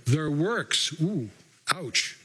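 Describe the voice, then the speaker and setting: Husky older man teaching a sermon. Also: a little high, animated, extremely slow, pushed and bright, low-quality recording. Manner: conversational teaching with asides and emphatic scripture reading. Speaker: Bible teacher.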